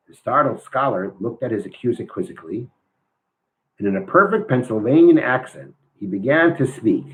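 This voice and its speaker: A man leads a weekly class on the Torah portion, explaining a point step by step. He reads passages from a book and thinks aloud as he goes. His voice sits at an ordinary pitch for a man. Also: animated, normal speed, low-quality recording. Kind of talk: explanatory lesson with read-aloud story.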